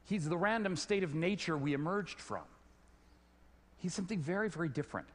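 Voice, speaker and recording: A middle-aged man giving a storytelling talk on stage, animated, often stumbling over repeated words. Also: a little high, brisk. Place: large hall before an audience. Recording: long hall reverb.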